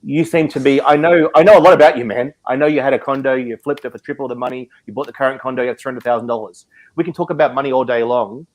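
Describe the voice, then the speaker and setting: A man's voice: mid-range voice, fast. An emotional, passionate man argues on a live stream. He stumbles over his words and repeats phrases as he pushes his point. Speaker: watch community member. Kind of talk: heated live-stream argument.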